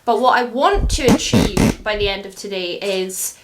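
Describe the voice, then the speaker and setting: A woman's voice: medium pitch, normal speed, heavy background noise. A young woman chatting casually through a vlog in her home beauty room, rambling and a little shaky. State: shaky and groggy after a long sleep. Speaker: beauty vlogger.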